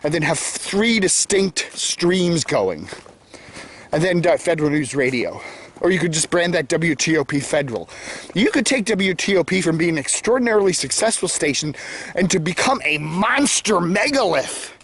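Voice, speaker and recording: A man's voice: on the high side, expressive, normal speed, a bit bright, slight background noise. A middle-aged man hosting his own vlog, rambling opinions while walking outdoors in the woods, self-assured and opinionated. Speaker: vlog host. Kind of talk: casual opinion monologue.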